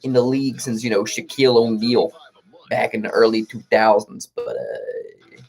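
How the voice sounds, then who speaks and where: A man's voice: on the low side, moderate pace, gravelly, darkish tone, poor audio. A man chatting casually while watching a basketball game, rambling with many fillers and restarts. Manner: rambling, trying out accents between game reactions.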